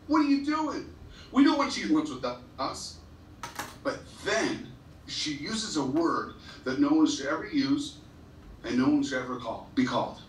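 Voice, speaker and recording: A motivational speaker addresses a school assembly in a large hall or gym, telling students emotional stories with earnest feeling and the occasional stumble or repetition when he's moved. His pitch is fairly high and his tone fairly bright. Heard from far off, the hall echoes, and there's slight background noise.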